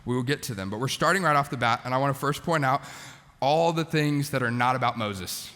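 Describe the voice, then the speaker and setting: Man, 30s, youth pastor, lively sermon, casual asides, long hall reverb. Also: medium pitch, brisk. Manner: conversational, animated preaching with asides. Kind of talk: sermon to students.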